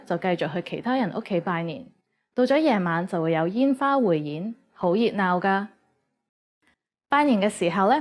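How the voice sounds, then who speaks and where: A woman giving a clear, measured, scripted narration for a language lesson. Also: medium pitch. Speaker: language teacher.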